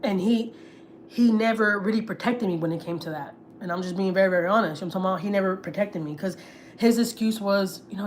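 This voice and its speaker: A woman's voice: medium pitch, quick pace, slight background noise. A woman from Houston, Texas, venting on a casual family vlog livestream; she is blunt and profane and repeats herself for emphasis. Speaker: family vlogger host.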